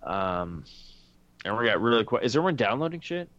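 A man's voice: mid-range voice, big pitch swings, fairly quick, fairly bright tone, dry recording, dull audio. A man hosting a casual chat on a call, rambling and teasing his friends. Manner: rambling, teasing, restarts sentences. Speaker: podcast host.

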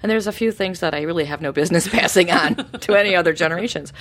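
A middle-aged woman co-hosting a podcast, telling a personal story in an animated, casual way. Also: on the low side, rapid-fire. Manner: animated, acts out voices in her stories. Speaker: podcast co-host.

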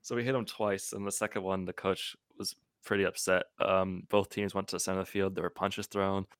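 A man co-hosting a casual podcast, telling stories in an animated way and reading posts aloud with mock emphasis. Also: low voice, a little fast, clear, resonant tone, dry recording, studio quality. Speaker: podcast co-host.

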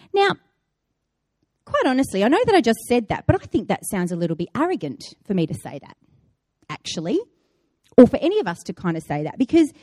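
Lively woman preaching. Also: mid-range voice, dry recording, studio quality. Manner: chatty, playful storytelling with acted-out asides. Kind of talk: conversational sermon.

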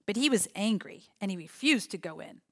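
A woman's voice: medium pitch, expressive, brisk. A woman giving a sermon, reading a parable aloud and reflecting on it with questions to her listeners. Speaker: preacher.

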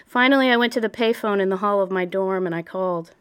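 A woman narrates a memoir in a measured, reflective storytelling manner. Her voice is smooth and resonant at a middle pitch. It sounds like a clean audiobook reading. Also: fairly bright tone.

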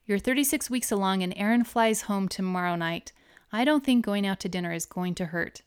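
Woman voicing a warm motherly friend. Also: medium pitch, a little fast, clean tone, natural voice.

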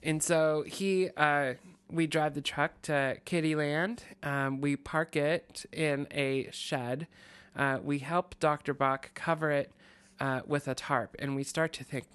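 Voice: medium pitch, steady tone, slow, a bit bright, smooth, no room sound. A podcast co-host telling a long story in casual chat, rambling with restarts. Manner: rambling, many fillers and restarts.

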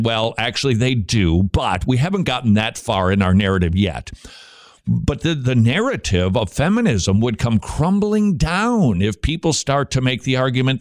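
Sarcastic, animated male talk host. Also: mid-range voice, moderate pace, dry recording, clean studio sound. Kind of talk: opinionated commentary.

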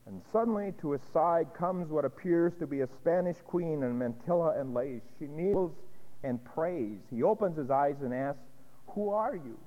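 Male pastor preaching, slightly high voice, slow storytelling, dull roomy sound. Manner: dramatic storytelling with long pauses. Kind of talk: sermon. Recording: dull echoey hall recording.

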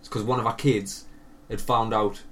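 This podcast co-host, a young man, speaks briskly in a fairly low, steady voice that's a bit bright, captured from a distance. Laughing and cursing freely, he tells a long, embarrassing story in a relaxed chat, dipping his voice for the quoted parts.

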